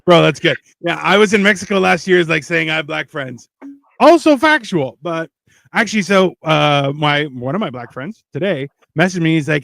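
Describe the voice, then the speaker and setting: A man's voice: fairly high pitch, lively intonation, moderate pace, gravelly, a bit bright, dry recording. Wry, laid-back man host, dry close sound. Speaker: podcast host. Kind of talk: casual chat reading live comments.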